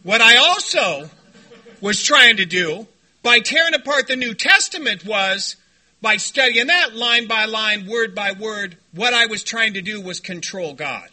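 A man telling a personal story at a recovery meeting, animated and self-deprecating, often laughing. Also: high voice, a little slow.

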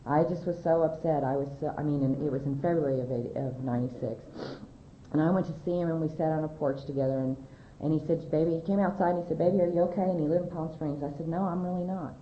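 A woman's voice: steady tone, quick pace. A middle-aged woman from California telling her recovery story to a crowd, rambling and conversational with many fillers and restarts. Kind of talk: personal testimony talk to an audience. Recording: echoey hall, dull lo-fi sound, faint rumble.

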